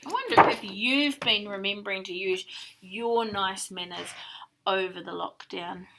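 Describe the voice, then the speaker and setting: A woman teacher reading a picture book to young children in an expressive storytelling manner. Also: medium pitch, a little slow, slight background noise.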